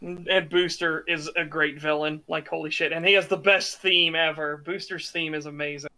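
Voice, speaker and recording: A man hosting a podcast, talking games in a casual, animated and opinionated way, swearing freely. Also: a little high, moderate pace. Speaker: podcast host. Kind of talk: casual gaming commentary chat.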